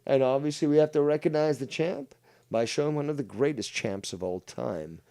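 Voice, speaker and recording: A man's voice: medium pitch, normal speed, vocal fry, warm tone, smooth, dry recording, clean studio sound. A man hosting a livestream, ranting at a rival in a mocking, profane, rambling way. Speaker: livestream host. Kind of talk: casual commentary rant.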